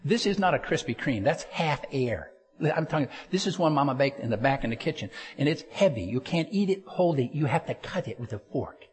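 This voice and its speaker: A man preaching a humorous storytelling sermon, getting loud and excited and throwing jokey asides to a live audience in church. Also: on the high side, a little fast. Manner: animated, gets loud and excited telling the story.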